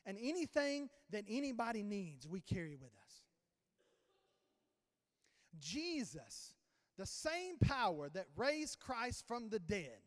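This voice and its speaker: A man preaching a sermon as a pastor, telling a story with sudden swings in loudness. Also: high-pitched, sing-song, slow pace, long pauses. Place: church sanctuary. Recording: long church reverb.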